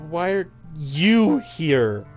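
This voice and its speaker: A man's voice: fairly high pitch, big pitch swings, drawn-out words, faint music behind, pitched above the performer's own voice, heavily acted. A man voicing a despairing, drowsy teenage girl who talks in bitter, fading lines.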